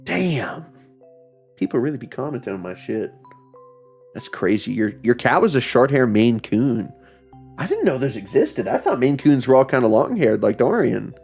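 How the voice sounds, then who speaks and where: A man's voice: mid-range voice, vocal fry, a little mellow, husky. A young adult man chatting casually on a livestream, rambling, laughing often and swearing freely. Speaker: streamer.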